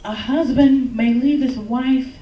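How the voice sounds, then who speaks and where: A woman giving a joking, lively talk on relationships at a church service, acting out little quotes as she goes. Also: high-pitched, slow pace, highs cut off. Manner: animated, joking, acts out quotes. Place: church hall with congregation. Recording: echoey hall, mic from far off.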